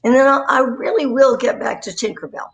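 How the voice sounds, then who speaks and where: A voice actress in her nineties joins a livestream as a guest and tells rambling, self-deprecating stories about her career in an interview. Her voice sits high and comes out fairly quick over a rough remote call.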